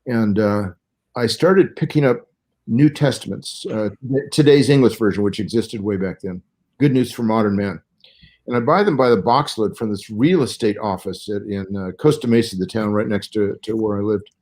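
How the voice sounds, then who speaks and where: A man's voice: on the low side, moderate pace, darkish tone. A man in his sixties from Southern California, a Bible scholar guesting on an interview show, explaining things carefully and step by step, like a lecture.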